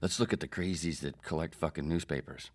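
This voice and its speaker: A man's voice: a bass voice, fairly quick. A man hosting his own comedy podcast, talking in a rambling, sarcastic, profane monologue. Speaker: podcast host.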